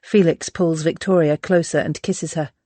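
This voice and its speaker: Audiobook reader, mid pitch, steady delivery, dry close mic. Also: moderate pace, dry recording. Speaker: audiobook narrator. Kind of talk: audiobook narration.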